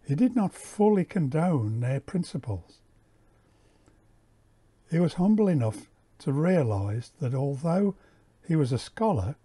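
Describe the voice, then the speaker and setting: A man giving a measured Bible teaching, repeating key words and explaining the original Greek. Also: mid-range voice, warm tone, breathy edge. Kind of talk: slow, deliberate Bible teaching.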